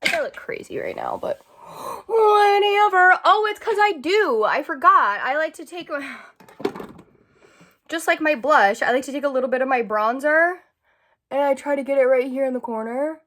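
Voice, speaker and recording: Brief: a high-voiced woman in her twenties, a casual, chatty vlogger telling a story. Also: big pitch swings, normal speed, a bit bright. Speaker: beauty vlogger. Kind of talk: casual chat.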